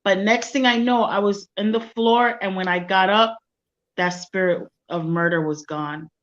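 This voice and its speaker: A soft-spoken woman tells a personal story in a quiet, gentle way. The sound is a little dull and lo-fi, and her pitch sits mid-range for a woman. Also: steady tone, normal speed. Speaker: guest. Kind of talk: personal testimony in an interview.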